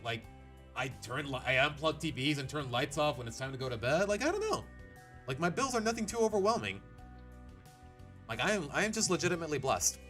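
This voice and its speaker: A man's voice: fairly high pitch, a bit bright. A man commentating casually while streaming a game, chatty and rambling with restarts. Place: home. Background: game music.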